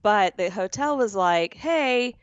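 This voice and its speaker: A woman with a Southern US accent, co-hosting a podcast and telling a story in an animated way, acting out the voices. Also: medium pitch, moderate pace, dry recording, highs cut off. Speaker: podcast co-host. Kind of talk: casual chat.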